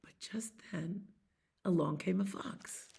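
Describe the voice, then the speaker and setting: A woman's voice: on the low side, slow, creaky, a little mellow, a little hiss or hum. A woman reading a bedtime picture book aloud as a library storyteller, soothing and asking her listeners questions.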